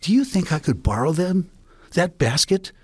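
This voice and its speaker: A man voicing an eager woman gardener in a folk tale, calling out with excitement. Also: fairly high pitch, normal speed, no echo, clean studio sound, voice pushed up.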